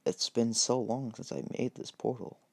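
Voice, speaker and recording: A man voicing an eager young hero boy in a homemade game story, speaking up louder and more excitedly than his narration. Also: mid-range voice, normal speed, natural voice.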